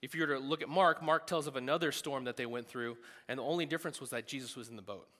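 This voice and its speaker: A man preaching a sermon in a conversational, animated way, with quick asides. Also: medium pitch. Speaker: pastor. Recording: long hall reverb.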